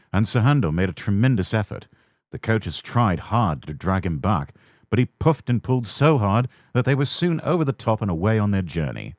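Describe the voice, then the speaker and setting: A man with an English accent giving a calm, soothing ASMR storybook reading. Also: deep voice, dry recording, clean studio sound.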